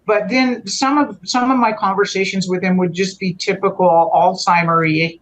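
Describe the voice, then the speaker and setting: A woman's voice: medium pitch, steady tone, a little hiss or hum, poor audio. A woman speaking as a guest, telling a personal story in a conversational way. Her sentences halt, break off and restart as she works through what happened, and she often leaves a thought hanging before picking it up again. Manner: halting, with frequent restarts and trailing phrases.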